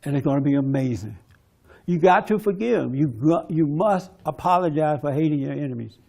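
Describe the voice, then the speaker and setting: Brief: high, gravelly male speaker, forceful preacher style, conference talk. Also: expressive, normal speed. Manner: preachy, forceful, mimics others in quoted bits.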